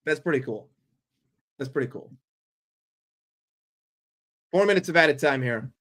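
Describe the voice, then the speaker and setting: A man calls a football match live for his online chat, swearing freely and reacting with blunt excitement. His speaking voice sits a little high for a man. It has the loose, running rhythm of play-by-play commentary. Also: measured pace. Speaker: streamer hosting a football watchalong.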